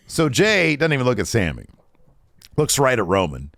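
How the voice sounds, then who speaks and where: A man co-hosting a wrestling podcast, retelling the show in a lively, casual way and slipping into quoted voices. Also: mid-range voice, creaky, no echo, studio quality. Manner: animated retelling, quoting wrestlers in quick shifts of voice. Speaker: podcast co-host. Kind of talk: casual wrestling recap chat.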